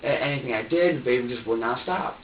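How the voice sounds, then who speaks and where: A fast-talking young man with a medium-pitched voice rambles and repeats himself defensively while police question him. Picked up by a distant microphone in the interview room, his voice sounds tinny and echoey over a little hiss or hum.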